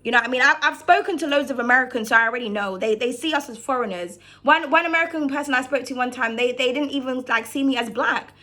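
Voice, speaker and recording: A young woman with a British accent vents straight to her viewers in a blunt, casual monologue, swearing freely and peppering every point with "like" and "you know". Her voice sits a little high and comes across bright and sharp. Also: fast, hardly any pauses. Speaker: tarot reader and channel host. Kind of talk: casual ranting monologue to camera.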